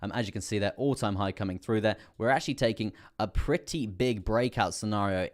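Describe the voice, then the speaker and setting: A man's voice: on the low side, fairly quick. A young British man hosting a crypto livestream, talking through price charts in a loose, rambling way with lots of fillers and a slightly strained voice. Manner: rambling, repeats fillers and "coming through there". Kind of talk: live trading chart analysis.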